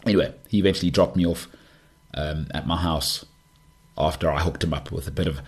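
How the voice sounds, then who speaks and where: A man's voice: deep voice, fairly quick, breathy edge. A man, a podcast host rambling through a casual monologue full of jokey asides. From South Africa.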